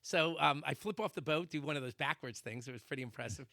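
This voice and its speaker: A man co-hosting a talk radio show, telling a comic story with sound effects and shouted quotes. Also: a little high, quick pace, gravelly, no room sound, clean studio sound. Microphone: studio microphone.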